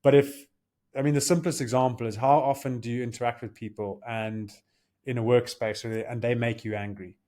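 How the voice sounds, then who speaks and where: A man in his thirties talks through ideas on a podcast in an earnest, coaching way. He slips into little quoted exchanges as he explains. His voice sits at an ordinary middle pitch. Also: fairly even intonation, a little fast, mellow. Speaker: podcast co-host. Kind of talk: casual podcast chat.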